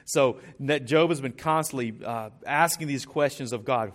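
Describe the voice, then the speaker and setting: A man's voice: mid-range voice, moderate pace, few pauses. A man preaching a sermon as a pastor, earnest and emphatic.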